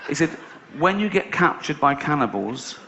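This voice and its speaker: A man's voice: on the high side, very animated, moderate pace, noisy background. A man with an English accent doing a stand-up comedy set, telling stories, acting out other people's voices and breaking into laughter. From England. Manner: storytelling with acted-out voices and bursts of laughter. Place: large theatre stage before a live audience. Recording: roomy, muffled live concert recording. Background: audience laughter.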